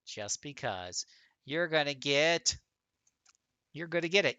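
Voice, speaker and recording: A man giving chatty live gameplay commentary as a streamer, talking straight to his viewers and jumping into high playful tones. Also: animated, takes it slowly, long pauses, bright, forceful tone, clean tone, no room sound, highs cut off. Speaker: game streamer.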